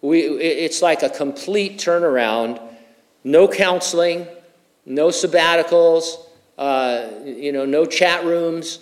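A middle-aged male pastor teaching through scripture in a relaxed, conversational sermon. His voice sits a little on the high side for a man, and he drops in light, joking asides between his points. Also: slow. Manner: conversational, with humorous personal asides. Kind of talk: expository sermon.

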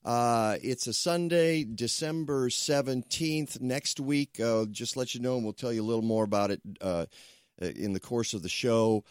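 A man's voice: medium pitch, normal speed, clean tone, no room sound, studio quality. A man hosting a radio talk show, chatting loosely with restarts and asides.

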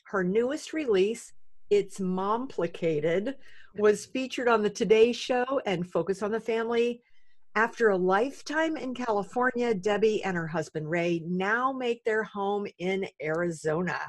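A woman's voice: medium pitch, expressive, unhurried. A woman hosting a faith podcast, introducing her guest and asking questions in an effusive way. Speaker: podcast host.

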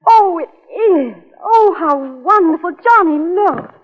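A heartfelt young society wife with a high, expressive voice that rises and falls widely. She sounds earnest and tender. The broadcast is thin and tinny, with a long reverb. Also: moderate pace. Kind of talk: 1940s radio acting.

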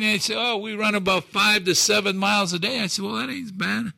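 A man in his sixties telling stories as a talk show guest, acting out dialogue with shouted quotes and emphatic delivery. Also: high voice, normal speed, gravelly, pauses often, no echo. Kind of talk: animated storytelling on a talk show.

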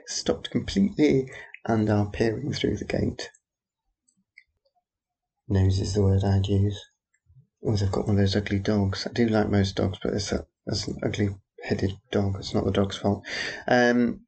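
A man's voice: on the low side, normal speed, creaky, husky. A man rambling through a personal audio diary, making dry, wry asides about passers-by. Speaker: theatre worker.

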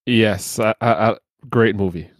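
Low-voiced, easygoing podcast co-host. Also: male voice, unhurried, no echo, studio quality. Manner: easygoing, jokey, with stammered starts. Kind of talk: casual podcast chat.

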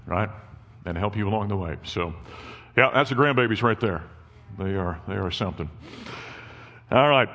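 A man's voice: fairly low pitch, fairly bright tone, long reverb tail. A man in his fifties giving a sermon as a guest speaker, telling personal family stories in a folksy way. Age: 50s. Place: church.

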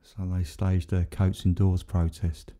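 A man's voice: low voice, level tone, unhurried, warm tone. A man co-hosting a casual chat, rambling and self-mocking with frequent laughs. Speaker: podcast co-host.

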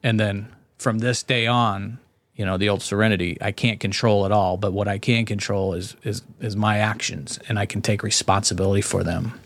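Blunt, profane man with a low voice. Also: fairly even intonation, moderate pace, fairly bright tone, no echo. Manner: profane, blunt, frequent restarts. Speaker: podcast guest. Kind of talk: candid conversational storytelling.

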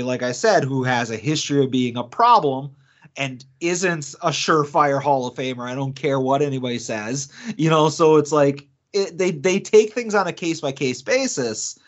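This co-host has a mid-range, fairly bright voice and speaks at a moderate pace. He rambles in casual podcast conversation, filling it with fillers and restarts, over a dull lo-fi recording.

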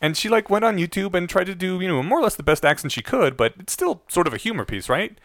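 A man co-hosting a podcast, telling a long story in a loose, chatty way. He restarts his sentences often and laughs easily. His voice sits at an ordinary pitch and sounds dry and close to the mic. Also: sing-song, quick pace, fairly bright tone, no echo. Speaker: podcast co-host. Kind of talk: casual podcast chat.

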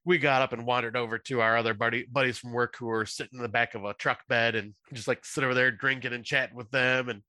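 A man's voice: mid-range voice, fairly even intonation, quick pace, few pauses, pushed and bright, dry recording. A man in his thirties, co-hosting a podcast in easygoing, rambling casual chat. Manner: easygoing, rambling, lots of uh fillers. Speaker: podcast co-host.

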